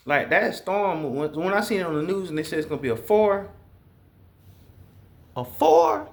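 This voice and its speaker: A man's voice: a little high, fast talker. A man from Georgia, talking straight to his viewers in a blunt, profane, rambling monologue. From Southeast Georgia, US. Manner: profane, blunt, animated storytelling. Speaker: vlogger.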